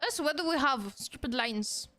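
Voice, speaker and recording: High-voiced French woman chatting playfully. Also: lively intonation, moderate pace, bright, forceful tone, faint music behind. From France. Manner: playful, mock-indignant, laughs often, broken English phrasing. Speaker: streamer. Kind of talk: casual react-stream chat.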